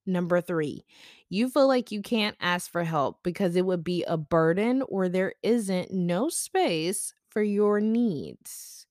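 Young woman host, lowish voice, dry close sound, chatty and reflective, lots of "like" and "you know". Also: lively intonation, takes it slowly, a little mellow, no echo. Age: young adult. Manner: conversational, many fillers, personal asides. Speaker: podcast host. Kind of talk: casual reflective talk on psychology.

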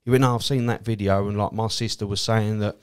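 A man with an Essex accent chats casually and tells stories, swearing freely and acting out the people in them. His voice sits a little low. He talks like a cab driver who does stand-up. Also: quick pace, clean tone. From Essex, England. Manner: swears freely, acts out quoted people in a lively way. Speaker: cab driver and comedian guest. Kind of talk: casual chat, telling anecdotes.

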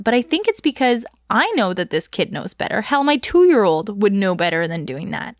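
A woman's voice: medium pitch, moderate pace, no room sound. Chatty woman podcast host, dry sound. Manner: animated, chatty, asks listeners directly. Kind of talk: casual storytelling monologue.

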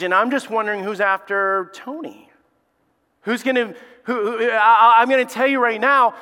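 Male lead pastor, sermon, emphatic with repeated lines; high and bright, long hall reverb. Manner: emphatic preacher, repeats key phrases.

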